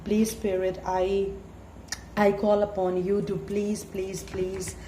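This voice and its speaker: A woman's voice: medium pitch, level tone, slow pace, mellow, slight background noise. A woman tarot reader giving a spiritual reading, earnest and pleading, full of "you know" fillers. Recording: echoey room with faint ambience.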